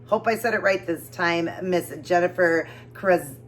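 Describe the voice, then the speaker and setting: A woman's voice: on the low side, a little slow, slight background noise. A woman with a Northern US accent chatting casually through a home eating show, rambling and often correcting herself. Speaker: keto vlogger. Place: home with mowing outside.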